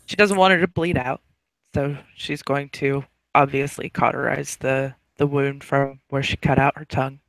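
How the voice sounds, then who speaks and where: A man narrating as game master of a tabletop horror game, calm and matter-of-fact. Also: medium pitch, normal speed, creaky, no room sound, low-quality recording.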